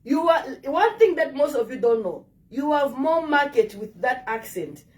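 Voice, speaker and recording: A woman's voice: high voice, animated, normal speed, darkish tone, far from the mic. A woman with an African English accent giving direct, coaxing dating advice to her viewers in a casual monologue.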